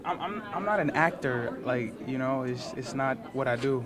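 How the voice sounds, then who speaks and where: A man's voice: medium pitch, lively intonation, normal speed. A man from a film's cast who jokes around in a goofy, mock-serious way, stammering through his answers. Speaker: film cast member. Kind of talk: casual event interview. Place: outdoor red carpet premiere. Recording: loud crowd outdoors.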